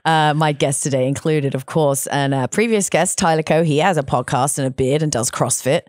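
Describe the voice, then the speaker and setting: Low-voiced chatty woman podcast host. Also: moderate pace, darkish tone, no echo, studio quality. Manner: chatty, jokey, self-deprecating. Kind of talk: casual chat.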